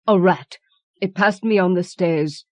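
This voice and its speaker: A woman reading an audiobook, voicing a frightened old husband with a shaky, hushed delivery. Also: lowish voice, normal speed, no echo, close to an everyday voice. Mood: fearful. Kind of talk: audiobook character voice.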